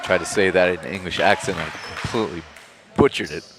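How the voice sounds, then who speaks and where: Low-voiced guy calling volleyball live, gets loud on big plays, gym noise behind. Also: fast. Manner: excitable, voice jumps up on big plays. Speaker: play-by-play commentator.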